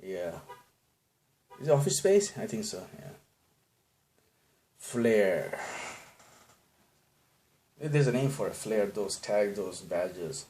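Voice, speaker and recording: A man's voice: on the low side, animated, takes it slowly, long pauses, dark tone. A man from Bangladesh hosting a casual solo podcast, rambling through tangents, self-deprecating, often laughing at his own jokes. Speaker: podcast host.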